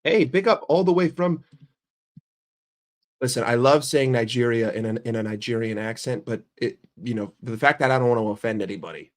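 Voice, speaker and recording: A man's voice: mid-range voice, fairly quick. A young man ranting on a livestream about his football team, swearing a lot and firing questions at his chat. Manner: profane, heated and argumentative. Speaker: football streamer.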